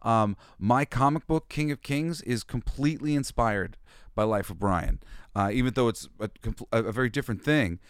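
Animated, swearing man telling stories. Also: mid-range voice, moderate pace, clean tone, no echo, studio quality. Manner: animated, laughs often, swears, loose restarts. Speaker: host. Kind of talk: casual storytelling monologue.

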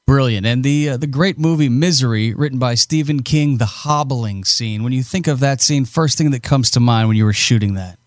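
A man with a mid-pitched voice conducts an interview and eagerly praises famous movie scenes. His prompts are upbeat, and the recording is dry and close. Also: normal speed, few pauses, no echo. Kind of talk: interview questions.

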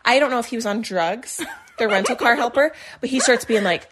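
Animated young woman telling a story. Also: a little high, fast, slight background noise. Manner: animated storyteller acting out quotes. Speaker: podcast co-host. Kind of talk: casual storytelling chat.

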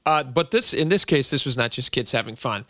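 A man's voice: medium pitch, expressive, brisk, noisy background. A man hosting a talk radio show on a studio microphone, chatty and jokingly self-mocking.

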